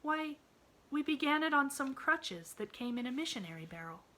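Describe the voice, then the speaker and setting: A woman's voice: sing-song, moderate pace, sharp tone, exaggerated voice. A woman doing a bubbly, chirpy little girl. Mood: cheerful. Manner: breathless, bubbly, high girlish voice. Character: cheerful eager little girl, chatty and bright.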